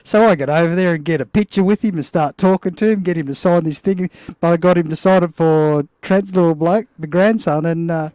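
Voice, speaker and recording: A middle-aged Australian man with a slightly high voice, spinning a long anecdote in casual chat. The sound is dry and close, with no room around it. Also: a little fast, few pauses, a little mellow, no echo. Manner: storytelling, acts out quoted voices. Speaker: podcast host.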